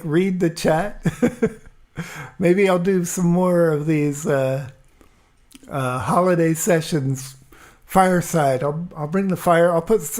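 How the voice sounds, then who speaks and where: A man's voice: a little high, darkish tone. A man chatting casually with livestream viewers from an easy chair at home, laughing often between remarks. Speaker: musician hosting a livestream.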